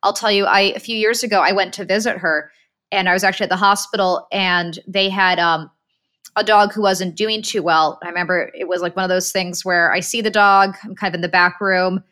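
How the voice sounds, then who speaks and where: A woman's voice: mid-range voice, steady tone, fairly quick, bright, forceful tone. A woman co-hosting a podcast, telling a story earnestly with many casual fillers.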